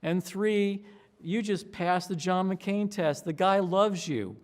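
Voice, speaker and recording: A middle-aged man in an interview, telling lively anecdotes and slipping into other people's voices as he recalls them. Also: high voice, slow, long reverb tail. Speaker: pollster interviewee.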